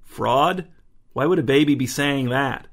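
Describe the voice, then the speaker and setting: A man's voice: medium pitch, measured pace, fairly bright tone. A man reading the part of a chatty, fussy grandmother in a told story.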